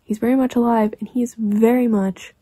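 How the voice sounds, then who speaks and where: A woman chatting casually in a reading vlog, rambling and excitable, swearing freely and sometimes dropping to a hushed near-whisper. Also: a little high, moderate pace, no echo. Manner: drops to a hushed near-whisper late at night. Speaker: book vlogger.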